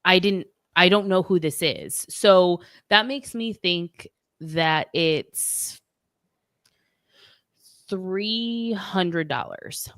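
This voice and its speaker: Female podcast co-host, lower voice, dry close mic, chatty and playfully defensive. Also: animated, slow pace, fairly bright tone, no echo. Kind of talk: casual podcast banter.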